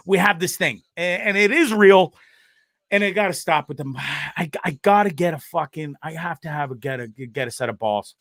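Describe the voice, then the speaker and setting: A man's voice: sits high, fairly bright tone, no echo, studio quality. A middle-aged man from Canada hosting a casual show, rambling crudely about his day, swearing freely and repeating himself. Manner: crude, profane, self-mocking and rambling; repeats words and restarts a lot. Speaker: host.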